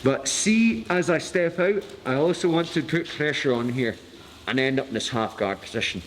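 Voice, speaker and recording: Teaching martial arts live on a mat with his class gathered round, this man from Glasgow speaks in a broad Glaswegian accent at a moderate pace in a mid-range voice. He's cheeky, jokes a lot and swears freely. It sounds like a large hall, with a slight hiss or hum.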